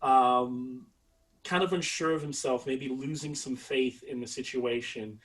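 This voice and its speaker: A man narrating as game master of a tabletop game, rambling and halting, acting out sound effects. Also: medium pitch, fairly bright tone. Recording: voice somewhat far from the mic.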